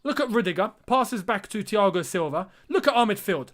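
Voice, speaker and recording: Speaking a little fast in a high, expressive, slightly bright voice, a young man hosts a football watchalong live. His match reaction and commentary is incredulous and exasperated, aimed directly at viewers whom he treats like lads.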